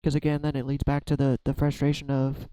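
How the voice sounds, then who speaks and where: Man, tarot vlogger, soft dark tone, flat delivery, halting and self-searching, dry sound. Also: medium pitch, clear, resonant tone, dry recording, rough recording. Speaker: tarot reader. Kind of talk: reflective solo tarot vlog.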